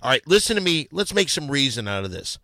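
Bright-voiced scolding podcast host. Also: male voice, medium pitch, big pitch swings, fast, no room sound. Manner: scolding, profane, reading ads. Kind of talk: heated podcast argument.

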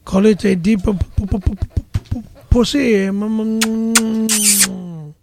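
A man's voice: high-pitched, fairly even intonation, takes it slowly, vocal fry, background noise, exaggerated voice. A man voicing a flustered French bachelor with a French accent who stammers and stumbles over his words.

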